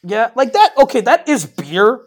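Young man, high voice, very lively pitch, casual chat, excitable, swears a lot, restarts often. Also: moderate pace.

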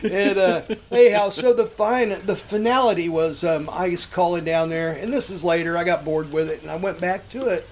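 A man's voice: high-pitched, normal speed, few pauses. A man hosting a podcast, rambling through profane prank stories and laughing as he goes. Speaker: podcast host. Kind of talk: casual storytelling chat.

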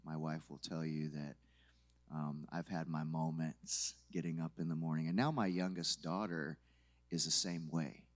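A man teaching a church conference session in a relaxed, chatty way, his voice low and rough from the early morning. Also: moderate pace. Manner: relaxed, chatty, many fillers. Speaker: conference speaker, worship leader. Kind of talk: casual teaching talk to a church audience. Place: church hall.

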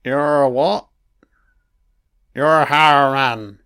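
A man's voice: medium pitch, steady tone, slow, fairly bright tone, clear, resonant tone, no echo, clean studio sound. A man giving a crude, mocking running commentary on a film, swearing heavily as he reacts.

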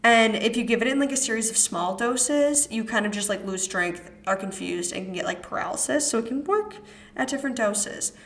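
A woman's voice: a little high, expressive, fairly quick, fairly bright tone, echoey room. A young woman from Wisconsin with a Midwestern American accent, hosting a casual true-crime podcast with many fillers and offhand asides. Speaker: podcast host.

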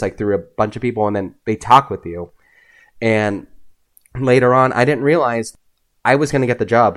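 A young man, a podcast guest, telling personal stories in a casual, animated way, often acting out what others said. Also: lowish voice. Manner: animated, acts out voices in his anecdotes. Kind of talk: casual storytelling.

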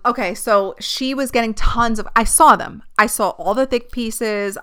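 A woman's voice: medium pitch, pushed and bright, clear, resonant tone. A woman hosting her own podcast in casual chat, swearing freely, laughing often and dropping into a whisper at times. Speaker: podcast host. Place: filmed at home while recording.

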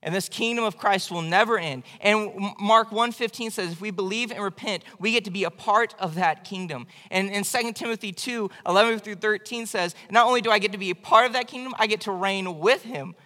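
A man's voice: high-pitched, fairly quick, few pauses, sharp tone. A male pastor preaching an evening church sermon in a conversational, emphatic way. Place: church sanctuary. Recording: long hall reverb.

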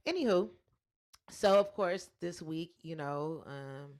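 A woman hosting a casual talk show, telling a story and acting out the people in it. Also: takes it slowly. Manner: animated, acts out quoted voices in a higher pitch. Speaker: podcast host.

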